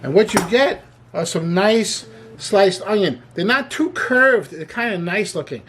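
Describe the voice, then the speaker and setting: A man's voice: high voice, lively intonation, measured pace, noisy background. A man hosting a casual cooking demonstration in a kitchen, chatty and enthusiastic, with joking asides. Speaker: cooking show host.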